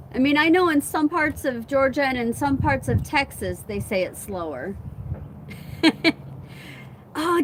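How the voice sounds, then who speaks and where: A woman's voice: high-pitched, slight background noise. A woman hosting a casual live stream outdoors on her phone, chatting with viewers and laughing often. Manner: chatty, laughs often, reads and answers comments. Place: outdoors at home, wind and chimes around.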